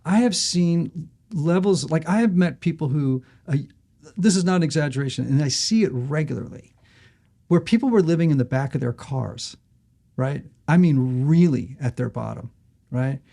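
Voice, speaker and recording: A man's voice: on the high side, normal speed, gravelly. A middle-aged man, an author and guest, telling stories animatedly in conversation and acting out the voices in them. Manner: lively, acts out voices in anecdotes.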